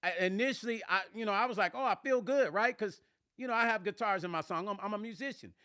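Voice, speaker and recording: A man's voice: high voice, fast talker, bright, forceful tone, smooth, no echo, studio quality. A man who is a musician, chatting on a live stream, answering viewers' comments in a blunt, emphatic way. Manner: emphatic, blunt, swears when riled. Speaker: musician and vlogger.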